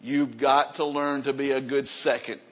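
A man preaching a sermon as pastor, moving from low, quiet passages up to loud, shouting stretches. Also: little pitch movement, moderate pace, muffled recording.

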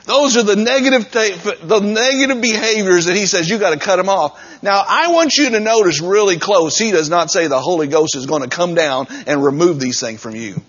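A man's voice: high voice, brisk, hardly any pauses, a bit bright, muffled recording. A man preaching a sermon as pastor, talking straight to his congregation in a conversational way.

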